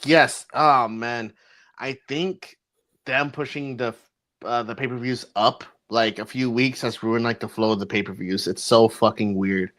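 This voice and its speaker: A man's voice: mid-range voice, steady tone, unhurried, a bit bright. A man co-hosting a podcast, chatting casually, blunt and eager in his reactions and swearing freely. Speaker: podcast co-host. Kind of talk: casual chat.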